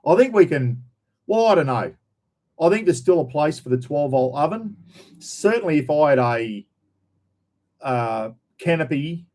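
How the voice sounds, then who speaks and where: Rambling Australian man with a mellow voice. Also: medium pitch. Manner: rambling, repeats himself, says "everyone" and "bloody". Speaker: livestream host. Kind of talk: casual live chat reading viewer names.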